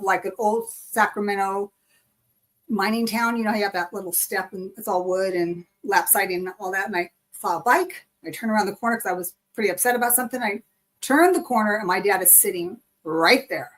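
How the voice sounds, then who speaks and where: A woman hosting a live spiritual chat stream, telling a personal story in an animated way. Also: medium pitch. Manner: animated storytelling, acts out quoted speech. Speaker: host. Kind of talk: casual chat.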